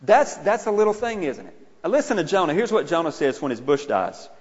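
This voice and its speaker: A middle-aged man preaching a sermon in a conversational, self-deprecating way, rising to loud exclaiming. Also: on the high side, sing-song, fairly quick. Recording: muffled, with a long hall reverb.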